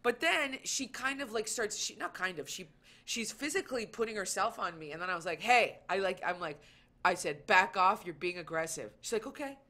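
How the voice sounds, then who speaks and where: Woman, comedian guest, casual chat, bright voice, animated storyteller. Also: mid-range voice, fairly quick. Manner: animated storytelling, acts out quoted lines.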